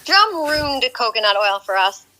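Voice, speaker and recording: A woman chatting casually on a stream, telling stories in an animated way and imitating other people. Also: fairly high pitch, unhurried, rough recording. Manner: animated storyteller, mimics others. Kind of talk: casual chat.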